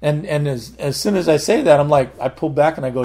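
A man teaching a Bible study as a pastor, talking conversationally with many halting repeats. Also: fairly high pitch, darkish tone.

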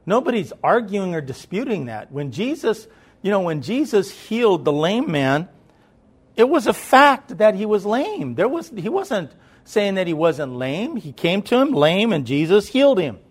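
A man's voice: high-pitched, very animated, normal speed, slightly rough. Conversational man preaching with rising fervor. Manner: asks the listeners if they are listening. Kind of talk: sermon.

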